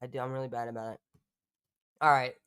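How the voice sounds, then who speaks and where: A woman's voice: a bass voice, little pitch movement, quick pace, a bit bright, clear, resonant tone, dry recording, studio quality. A woman hosting a live stream in loose, rambling chat, swearing freely and laughing often.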